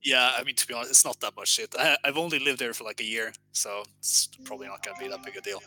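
A man's voice: mid-range voice, quick pace, bright, forceful tone, low-quality recording. A man from Sweden chatting on a podcast, hesitant and full of fillers. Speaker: podcast co-host. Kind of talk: casual chat.

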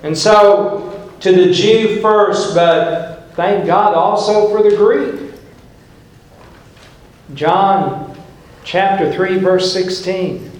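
Slow-talking male preacher in echoey church. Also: high voice. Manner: emphatic, storytelling preacher who paints scenes. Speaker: pastor. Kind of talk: sermon.

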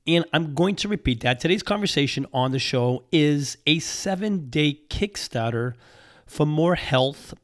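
A man hosting a motivational show in an upbeat, energetic way, his voice a bit off from being sick and on the mend, repeating his key points. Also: medium pitch. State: sick voice, recovering. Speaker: podcast host. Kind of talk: motivational talk.

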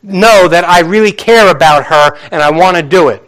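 High-voiced man preaching a sermon. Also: moderate pace. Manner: conversational, animated preaching with acted-out quotes. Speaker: pastor.

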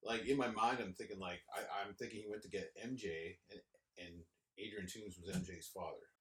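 A man in a casual movie chat, mostly giving relaxed, brief agreement. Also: low-pitched, fairly quick, distant mic. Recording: echoey room from off the mic.

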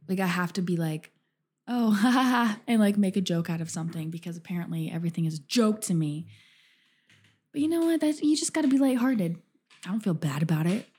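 A podcast co-host in easygoing chat. Her voice is mellow and a little husky. She talks loosely and mocks herself, with plenty of "like" along the way. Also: lowish voice. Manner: laid-back, self-mocking, heavy use of "like". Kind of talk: casual chat.

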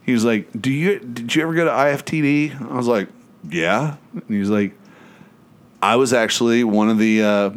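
A man's voice: medium pitch, normal speed. A man, telling a long rambling story on a podcast, swearing freely and acting out what people said. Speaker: podcast host. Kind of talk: casual chat.

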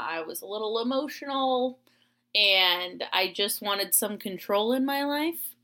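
A young woman from Florida, a teacher, rambles through a personal story in a relaxed vlog. Her voice is bright and clear. She is chatty, pokes fun at herself, and fills the pauses with "uh" and "um". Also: medium pitch. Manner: chatty and self-deprecating, with many fillers.

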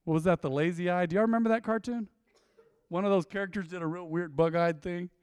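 A man preaching a sermon, swinging between loud swells and quiet, intimate drops. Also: high voice, fairly even intonation, fast talker, smooth, no echo, clean studio sound. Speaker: pastor. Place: church.

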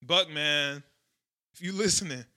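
Young man, somewhat high voice, bright and forceful tone, casual chat, animated, profane storytelling. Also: measured pace.

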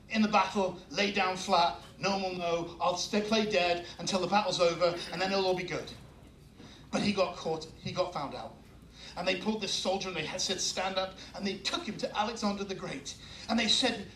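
Male pastor, animated sermon storytelling, roomy church sound, mic set back. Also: high voice, fairly quick, far from the mic, soft background music.

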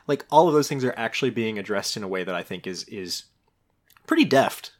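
A man's voice: fairly low pitch, expressive, a little fast. A man co-hosting a casual review podcast, talking with enthusiasm, rambling and laughing easily. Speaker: podcast co-host. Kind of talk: casual chat reviewing a TV show.

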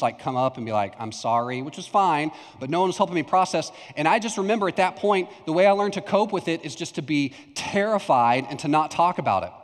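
A young adult male pastor from Texas preaching a conversational sermon, telling a personal story and acting out remembered lines. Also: on the high side. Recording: long hall reverb.

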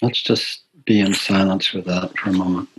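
An older man hosting a community talk series, giving soft-spoken announcements with many fillers. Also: low-pitched, steady tone, normal speed, background noise. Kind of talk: gentle announcements.

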